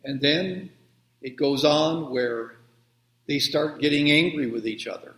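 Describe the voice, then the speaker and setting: A male pastor giving a gentle, unhurried children's sermon and prayer over a video call. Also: on the high side. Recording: roomy echo.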